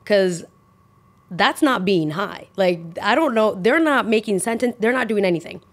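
A woman's voice: mid-range voice, normal speed. Chatty young woman telling a story. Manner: animated, filler-heavy with lots of "like". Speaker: podcast host. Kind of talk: casual storytime.

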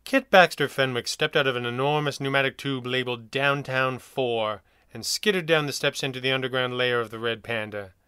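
A man narrating his own pulp adventure story in a measured, dramatic reading. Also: mid-range voice, bright, forceful tone. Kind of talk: scripted narration.

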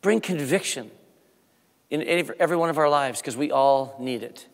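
A man, the pastor, preaching a sermon with rising emphasis and then leading a soft prayer. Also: medium pitch, animated, moderate pace. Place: church sanctuary. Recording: long church reverb.

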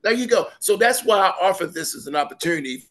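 A man leading a workshop, lively and encouraging, repeating his phrases. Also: high voice, quick pace. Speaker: workshop presenter. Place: conference workshop room.

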